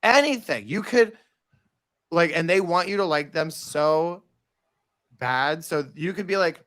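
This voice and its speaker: A man telling stories in casual podcast chat, animated and campy, slipping into quoted voices. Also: on the high side, a little slow, pauses often. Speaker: podcast guest.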